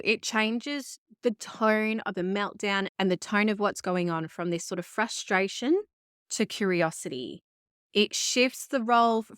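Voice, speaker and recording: Podcast host, woman, lower register, calm explainer, dry close sound. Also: clear, resonant tone, no room sound. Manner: calm, explanatory, quotes parents and children in the flow. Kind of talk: solo advice talk.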